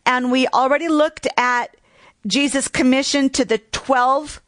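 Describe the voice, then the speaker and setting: A woman's voice: on the high side, dry recording. A woman teaching the Bible in a methodical way, carefully citing and repeating scripture references.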